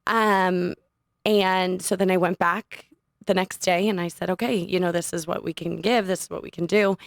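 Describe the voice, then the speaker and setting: A young adult woman, a podcast guest, telling a personal story in an animated, casual way and laughing often. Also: lowish voice, moderate pace, creaky, no room sound, clean studio sound. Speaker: podcast guest, studio owner. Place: podcast studio.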